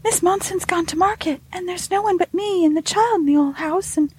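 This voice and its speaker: Woman doing a high-pitched nervous maidservant girl. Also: darkish tone, slight background noise. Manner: high, hurried, stammering. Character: young nervous maidservant girl, timid and evasive.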